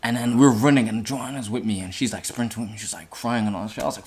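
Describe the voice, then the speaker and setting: Casting: young guy, rapid casual podcast storyteller, loose and sweary. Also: breathy edge. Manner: swearing, animated retelling, voice jumps high in quoted outbursts. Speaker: podcast host.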